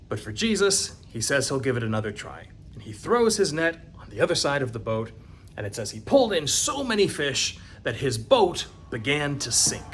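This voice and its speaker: A man serving as a parish youth minister, teaching confirmation in a conversational, animated storytelling manner. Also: medium pitch, a little hiss or hum. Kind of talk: confirmation catechesis video.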